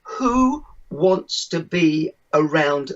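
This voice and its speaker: A man's voice: on the high side, animated, drawn-out words. A man, a keynote speaker being interviewed as a podcast guest, who talks animatedly and acts out the people he quotes, on a dull lo-fi recording.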